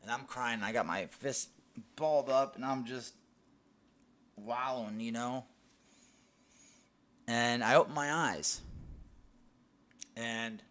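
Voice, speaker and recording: A man's voice: mid-range voice, a bit bright. Earnest young man telling his story. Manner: earnest storytelling, many restarts and "you know"s. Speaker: testimony speaker. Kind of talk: personal faith testimony.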